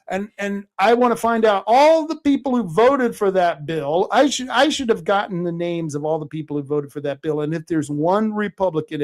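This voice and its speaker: A man's voice: animated, normal speed. A man hosting a live-streamed podcast, ranting angrily and swearing, reading out chat comments as he goes. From Oregon, United States. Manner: angry ranting, swearing, rising loud and high when worked up. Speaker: podcast host.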